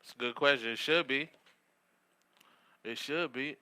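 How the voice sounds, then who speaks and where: A man's voice: medium pitch, a little slow, sharp tone, smooth, no room sound. A man co-hosting a comedy podcast, bantering in a loose, joking and profane way. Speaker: podcast co-host. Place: podcast studio.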